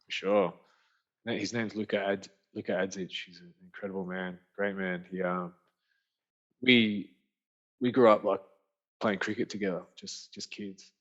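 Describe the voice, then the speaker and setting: A man tells his own story as a podcast guest, slangy and animated, acting out what his friends said. His voice sits low. The recording is muffled and lo-fi. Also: normal speed, long pauses. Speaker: podcast guest, author and speaker. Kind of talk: storytelling in casual conversation. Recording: muffled lo-fi audio.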